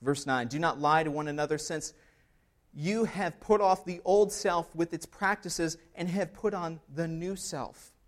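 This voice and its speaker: A man's voice: a little high, measured pace. A man preaching an expository sermon as pastor. He talks in an earnest, conversational way, checking in with "right?" and building to emphatic passages.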